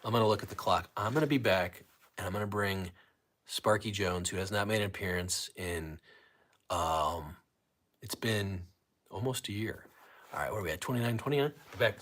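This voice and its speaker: A man's voice: lowish voice, moderate pace, fairly bright tone. An older man hosting a casual livestream, rambling and joking with viewers, at times out of breath. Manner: rambling, jokey, talks to chat. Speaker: livestream host.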